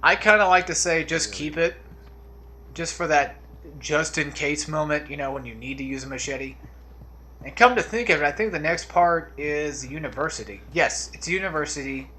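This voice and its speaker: A man talking over his gameplay in a loose, rambling way, wandering from topic to topic and letting sentences trail off. His voice sits a little high for a man and has a bright, sharp edge. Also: normal speed, slight background noise. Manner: rambling, drifts off on tangents; laid-back, trails off into mumbles. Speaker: let's play commentator. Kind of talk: casual gameplay commentary.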